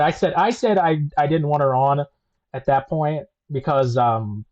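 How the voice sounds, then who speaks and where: A man's voice: medium pitch, a little mellow. A man hosts a livestream panel in a casual, hesitant way, restarting his sentences and doubting himself. His voice comes through muffled, lo-fi online call audio. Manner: hesitant, second-guessing, many restarts. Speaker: panel host.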